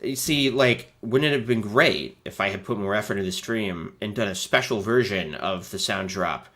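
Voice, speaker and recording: A man's voice: fairly low pitch, normal speed, a bit bright. A man hosting a live stream, talking casually in a laid-back, rambling way with many fillers and restarts. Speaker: streamer host.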